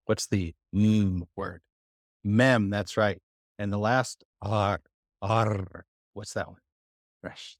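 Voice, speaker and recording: A man's voice: fairly low pitch, dry recording, studio quality. A man teaching a live Hebrew lesson to a church class, patient and full of "uh" fillers as he quizzes his students.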